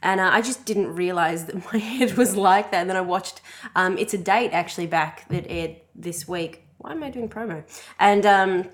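A woman's voice: mid-range voice, moderate pace, hardly any pauses. A woman co-hosting a podcast, chatting expressively in a house and laughing often. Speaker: podcast co-host. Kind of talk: casual chat.

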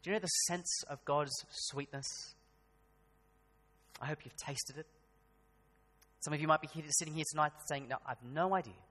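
A man preaching a sermon in a slightly higher voice, with a long reverb trailing his words. He talks conversationally and rises into emphatic, forceful bursts. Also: fairly even intonation, moderate pace, long pauses. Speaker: pastor. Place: church hall.

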